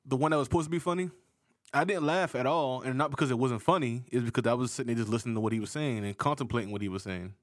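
A man from Charleston, South Carolina, co-hosting a podcast in relaxed casual chat, rambling with restarts as he tells stories. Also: medium pitch, rapid-fire, dry recording, studio quality. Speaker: podcast co-host.

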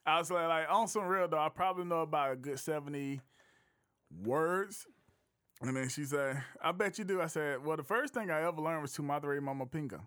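A man's voice: fairly high pitch, fairly quick, a bit bright, no room sound, clean studio sound. A man hosting a casual podcast chat, laid-back and loose, laughing often as he tells stories. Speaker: podcast host.

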